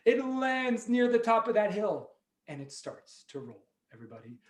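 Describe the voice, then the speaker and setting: Man, storyteller, high voice, lively, sound effects, video call, echoey room. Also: unhurried. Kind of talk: animated storytelling for families.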